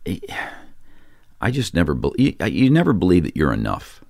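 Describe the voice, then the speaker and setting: A man's voice: low-pitched, wildly swooping pitch, normal speed, darkish tone, dry recording, studio quality. A man, an actor, telling anecdotes in casual conversation, laughing often and acting out the people in his stories. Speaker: actor guest. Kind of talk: casual storytelling chat.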